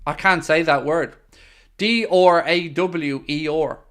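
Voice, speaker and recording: Excitable Irish man reacting to football. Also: a little high, slow pace, clear, resonant tone. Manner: excitable, jumps into play-by-play shouts. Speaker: watchalong host. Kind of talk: live match reaction commentary.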